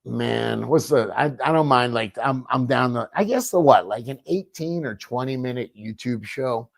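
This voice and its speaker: A man co-hosting a casual chat, joking and slangy, telling animated stories. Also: mid-range voice, moderate pace, gravelly, dry recording.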